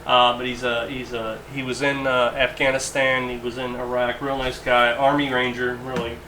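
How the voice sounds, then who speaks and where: A man in his forties hosting a talk radio show, telling animated anecdotes with halting asides. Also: medium pitch, reverberant, a little hiss or hum.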